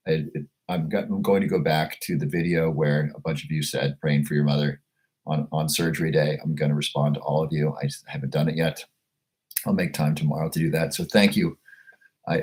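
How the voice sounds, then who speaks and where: A man's voice: a bass voice, darkish tone. A man hosting a casual livestream, reading out viewer comments and answering them in a chatty way, often restarting and repeating words. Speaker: livestream host selling a supplement.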